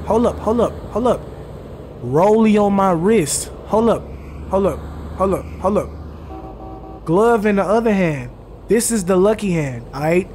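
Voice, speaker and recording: Boastful streamer man, high voice. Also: slight background noise. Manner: boastful, playful trash talk; bursts into shouting at game characters. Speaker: gaming streamer. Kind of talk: casual gameplay commentary. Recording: loud game sound behind voice.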